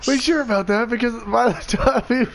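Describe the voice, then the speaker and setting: A young man chatting casually with friends, reacting with slow, rambling, hesitant remarks. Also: very high voice, creaky, fairly bright tone, a little hiss or hum, rough recording. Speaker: gamer in a friends' voice chat. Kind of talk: casual chat.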